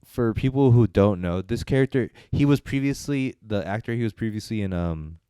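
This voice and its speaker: Deep-voiced man rambling about films. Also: lively intonation, moderate pace, warm tone, smooth, dry recording, clean studio sound. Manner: rambling, hesitant, many fillers and restarts. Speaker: podcast co-host reviewing films. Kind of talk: casual chat.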